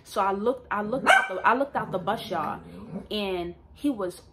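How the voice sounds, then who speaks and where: A woman's voice: mid-range voice, brisk, heavy background noise. Emphatic young woman telling a story. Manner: emphatic, animated storytelling, often addressing viewers directly. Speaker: vlogger telling a personal story. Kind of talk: casual storytime to camera. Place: at home with a dog nearby.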